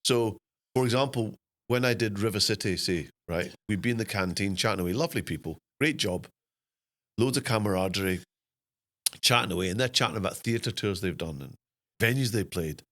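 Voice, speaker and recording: Scottish man, middle-aged, lowish voice, self-deprecating, animated storytelling. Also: fairly quick. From Scotland. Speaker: actor guest. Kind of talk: anecdotal storytelling.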